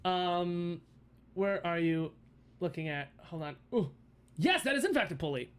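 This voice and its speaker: High-voiced man running a tabletop game. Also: expressive, smooth. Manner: halting, full of ums and restarts, laughs often. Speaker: game master.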